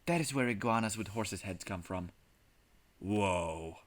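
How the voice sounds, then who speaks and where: A man hosting a comedy podcast, reading a text adventure aloud in an animated, profane way and often breaking into laughter. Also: on the low side, a little slow. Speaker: podcast host playing a text game.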